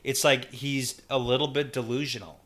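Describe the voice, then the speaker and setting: A woman co-hosting a podcast in casual chat, laid-back and agreeable, quick to laugh. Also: very deep voice, fairly even intonation, a bit bright. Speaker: podcast co-host.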